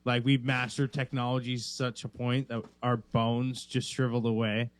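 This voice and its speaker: A man's voice: mid-range voice, flat delivery, moderate pace, slight background noise. A young man co-hosting a podcast in casual chat, rambling and riffing on silly jokes. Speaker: podcast co-host.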